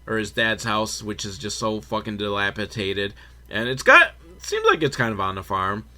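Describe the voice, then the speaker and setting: A podcast host recaps a film in a bright, pushed, mid-range male voice. He rambles, leans on sarcasm, swears freely, and makes noises when quoting.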